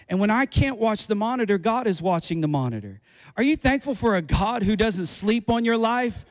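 A man's voice: high voice, lively intonation, moderate pace. A man preaching a sermon as pastor, repeating phrases and restarting lines as he builds to fervent emphasis. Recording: long hall reverb.

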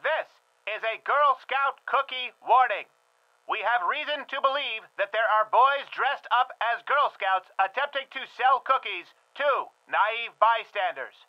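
A man's voice: extremely high pitch, expressive, measured pace. A man voicing a mock official announcer who reads out a grave public warning. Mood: mock-serious. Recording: dull tinny phone-like sound.

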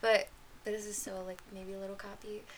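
A woman's voice: mid-range voice, level tone, brisk, crowd noise. A woman co-hosting a casual chat, rambling with many fillers and restarts. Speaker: podcast co-host.

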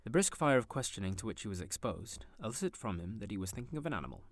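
A man narrating a classic story aloud with expressive, dramatic pacing. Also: on the low side, fast talker, no echo, clean studio sound. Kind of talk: storybook reading.

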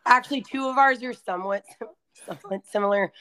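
A woman's voice: on the high side, brisk, fairly bright tone. A woman with a scratchy voice hosting a podcast, upbeat and casual, saying "like" often. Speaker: podcast host.

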